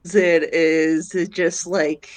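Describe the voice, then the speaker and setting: A woman player in a tabletop game describes what her character does. She speaks slowly, with a slightly low voice, in a hesitant, amused way full of fillers. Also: level tone.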